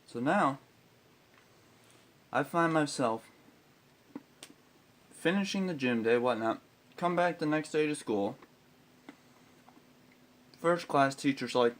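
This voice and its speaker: A young man telling an exasperated, profane story about school, breaking into loud outbursts. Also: mid-range voice, lively intonation, takes it slowly, pauses often, a little hiss or hum. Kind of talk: ranting storytime vlog.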